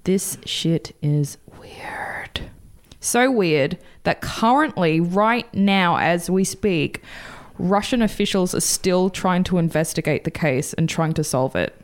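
A woman's voice: lowish voice, expressive, unhurried, few pauses. A woman hosting a podcast and telling a story in a casual, rambling, chatty way. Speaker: podcast host.

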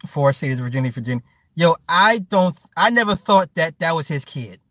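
A man with a high, bright, ringing voice rants to his viewers in a loose, crude, joking way, laughing as he talks. His pitch swings up and down. The sound is dry and close, with no room around it. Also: animated, moderate pace, dry recording. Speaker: streamer. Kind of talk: casual rant to viewers.

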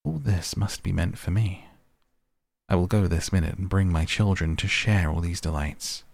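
A man voicing a frightened older merchant father in a bedtime story, pleading in a quiet read. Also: deep voice, normal speed, gravelly, no echo. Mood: delighted.

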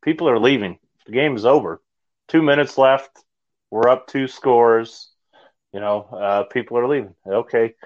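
A man's voice: mid-range voice, normal speed, lo-fi sound. A man talking in a rambling, hesitant way in a casual sports chat.

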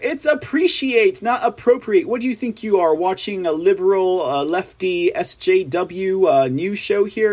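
Sarcastic Texan man with a husky voice. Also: high-pitched, lively intonation, a little slow, hardly any pauses, darkish tone. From Texas. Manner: sarcastic, rambling asides with frequent "right?". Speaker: news show host. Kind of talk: opinionated commentary reading news.

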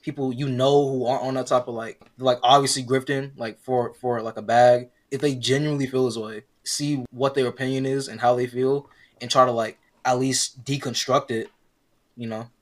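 A man's voice: mid-range voice, little pitch movement, normal speed. A man talking politics on a podcast in slangy, filler-heavy casual speech.

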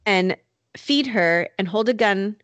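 A woman's voice: mid-range voice, takes it slowly, a bit bright, no echo, highs cut off. A woman hosting a podcast, telling a true crime story in casual chat, full of "like" and "you know". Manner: conversational, many "like" and "you know" fillers. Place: North Carolina.

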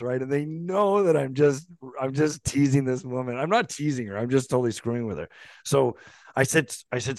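A man's voice: mid-range voice, a little fast, no echo. A man on a podcast casually telling a rambling anecdote, restarting his sentences and chuckling as he goes. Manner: rambling, self-interrupting storyteller who chuckles often.

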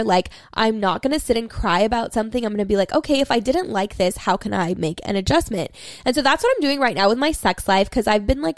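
A woman's voice: fairly high pitch, dry recording. A young woman in her twenties hosting a candid solo podcast, talking frankly with lots of swearing and "like" fillers, giving listeners a pep talk. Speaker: podcast host.

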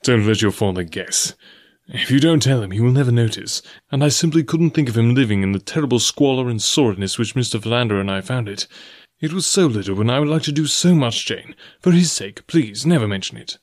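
A man reading the part of a gentle, lovelorn nobleman who speaks in a pleading, earnest way. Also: medium pitch, lively intonation, a little fast, no room sound, studio quality, lightly acted.

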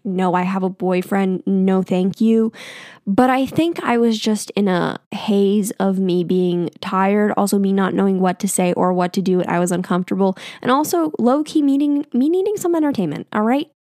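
A woman's voice: mid-range voice, normal speed, darkish tone, no echo, clean studio sound. A young woman telling a personal story in a casual, chatty way, full of "like" and the odd swear word. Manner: chatty, filler-heavy with lots of "like", casual swearing.

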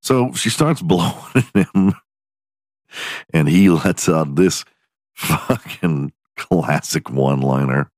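Slow deep-voiced host, crude and laughing. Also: male voice, darkish tone, dry recording, clean studio sound. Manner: profane, laughing often, mocking. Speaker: podcast host. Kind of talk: crude comedic commentary.

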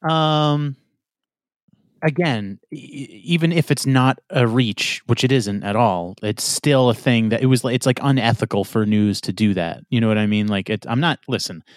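Man, podcast host, mid-pitched voice, laid-back casual chat, lots of fillers, dry sound. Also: moderate pace, no room sound.

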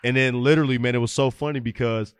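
A man's voice: medium pitch, steady tone, fast talker, clear, resonant tone, no echo, studio quality. A man in his thirties, a youth football coach and podcast guest, telling stories animatedly and acting out the dialogue. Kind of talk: casual interview storytelling.

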